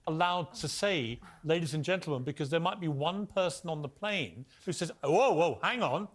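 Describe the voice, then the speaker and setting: A man's voice: a little high, moderate pace, a bit bright. A man hosting a TV studio debate, speaking emphatically and cutting in on his guests. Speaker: TV host.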